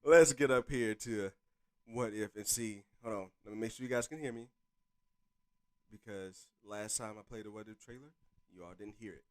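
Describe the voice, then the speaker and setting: A man's voice: fairly low pitch, normal speed. Hyped man chatting with his stream. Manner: hyped, talks to live chat. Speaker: streamer host. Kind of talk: casual live-stream chat. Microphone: desk microphone.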